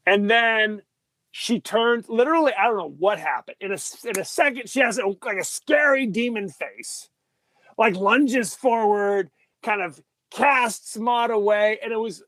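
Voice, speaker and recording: A man co-hosting a casual film podcast, his voice pitched high with a gravelly edge. He retells scenes with animated, building excitement. The sound is dry and close, with no room around it. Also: moderate pace, no echo. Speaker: podcast co-host.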